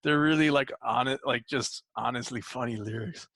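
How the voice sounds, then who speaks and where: A man's voice: mid-range voice, normal speed, fairly bright tone, no echo. A man interviewing a musician in loose, casual chat, swearing freely and laughing often.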